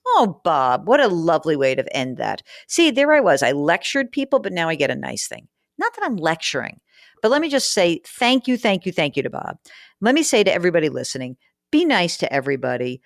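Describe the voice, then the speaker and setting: A woman's voice: lowish voice, very animated, brisk, no echo, studio quality. A woman hosting a personal finance podcast, talking through listener letters in a frank, chatty, teasing way. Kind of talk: casual advice talk, reading listener letters.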